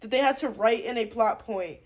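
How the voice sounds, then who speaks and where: Blunt, higher-voiced woman podcast guest. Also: normal speed. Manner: blunt, swears freely, opinionated. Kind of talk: casual film review chat.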